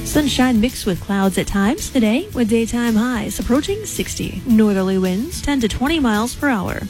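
A woman meteorologist reading a scripted radio weather forecast, brisk and upbeat. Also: fairly high pitch, animated, darkish tone, faint music behind, low-quality recording.

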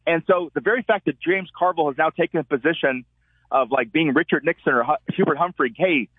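A man, a columnist guest, telling stories in an animated way and acting out the quotes he tells. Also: a little high, fast talker, husky, no room sound. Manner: animated storyteller, acts out quotes. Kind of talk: call-in commentary. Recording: tinny phone line.

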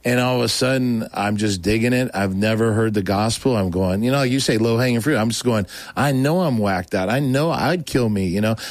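A man's voice: fairly low pitch, a little fast, hardly any pauses, no room sound. A middle-aged man from Oregon telling his conversion story in a casual interview, rambling and restarting his sentences and acting out the people he quotes. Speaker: guest telling his testimony.

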